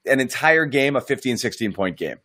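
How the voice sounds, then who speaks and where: A man hosting a casual sports talk show, animated and quick to mock. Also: mid-range voice. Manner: animated, does mocking quoted voices. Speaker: podcast host.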